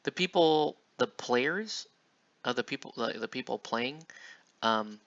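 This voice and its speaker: A man's voice: mid-range voice, lively intonation, a little slow, a bit bright. A man casually chatting and rambling while he paints miniatures on a live stream, with loose slangy talk. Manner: laid-back, rambling, slangy. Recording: dull lo-fi stream audio.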